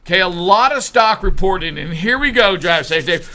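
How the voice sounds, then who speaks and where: A man's voice: high voice, normal speed. A man co-hosting and producing a live talk show, teasing his co-host and joking in casual banter. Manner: teasing, playful, animated.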